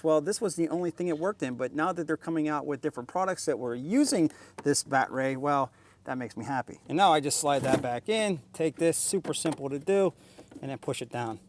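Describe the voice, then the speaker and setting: A man's voice: a little high, slight background noise. Upbeat man demoing a riding mower. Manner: enthusiastic, chatty, explaining step by step. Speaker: tool reviewer. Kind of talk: casual product demo vlog. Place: outdoors by a riding mower, later driving it. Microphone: camera mic, at times an action camera on the mower.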